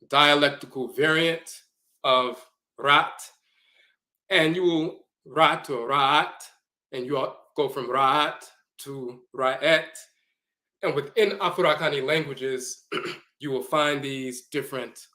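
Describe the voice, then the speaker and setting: A man giving a slow, deliberate lecture, repeating and spelling out terms as he explains glyphs and dialects. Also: medium pitch, sharp tone.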